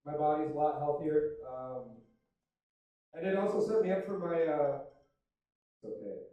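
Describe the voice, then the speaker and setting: A young man doing a stand-up comedy set, self-deprecating and deadpan, with loose fillers and swearing. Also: a little high, normal speed, muffled recording. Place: comedy club stage with audience laughter. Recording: very echoey room, from some distance. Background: audience laughter.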